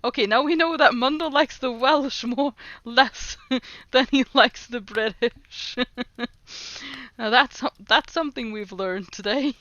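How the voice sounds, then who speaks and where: A woman streamer talks unhurriedly with her chat, breaking into giggles often. Her voice is bright and crisp in tone. The sound is slightly dull and lo-fi. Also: on the high side, takes it slowly, no echo. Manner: laughs often, chatty and giggly. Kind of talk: casual livestream chat, reading chat aloud.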